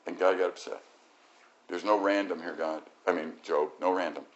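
An older man preaching a sermon, animated, swinging from loud exclamations to quiet, reflective stretches. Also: low-pitched, normal speed. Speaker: pastor. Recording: dull lo-fi recording.

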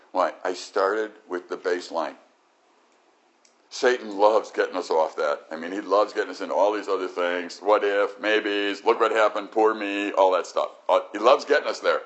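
An older man preaching a sermon, animated, swinging from loud exclamations to quiet, reflective stretches. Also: low voice. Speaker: pastor. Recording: dull lo-fi recording.

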